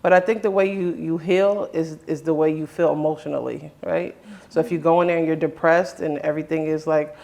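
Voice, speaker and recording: A man's voice: a little high, fairly even intonation, a little fast, vocal fry, darkish tone. A man hosting a conversation, earnestly telling a personal story in his own words and often quoting what others said to him. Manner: earnest, with many restarts and quoted dialogue. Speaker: host.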